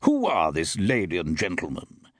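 A man's voice: sits low, wildly swooping pitch, normal speed, dry recording, studio quality, heavily acted. A man reading an audiobook voices a puzzled, pushy male innkeeper who protests and grows suspicious. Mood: puzzled, protesting.

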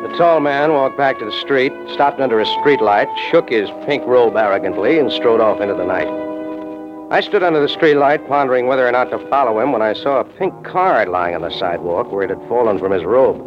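A man's voice: medium pitch, brisk, natural voice. A guy doing a dry hard-boiled radio narrator, wisecracks, music behind him, dull old sound. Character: hard-boiled American man narrating his own case. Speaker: narrator and lead. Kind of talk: 1940s radio acting.

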